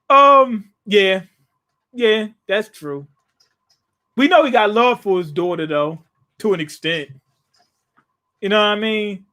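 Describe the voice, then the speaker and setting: High and a bit bright, the voice belongs to a man running a live comic reaction. He reads the scenes, recasts them in casual slang of his own, and often restarts his lines while chuckling.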